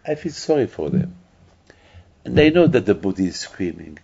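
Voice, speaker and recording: A man's voice: lowish voice, big pitch swings, moderate pace, gravelly, darkish tone, slightly rough. A man delivering an emphatic sermon as a rabbi. He repeats himself and often restarts. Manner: emphatic, repetitive preaching with restarts. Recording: dull lo-fi recording.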